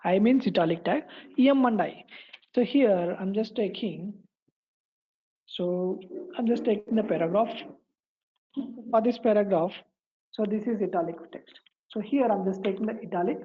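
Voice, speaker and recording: A woman walking through a coding tutorial, pausing and repeating phrases as she types. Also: medium pitch, highs cut off. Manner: halting, repeats phrases while typing. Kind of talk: screen-recorded coding tutorial.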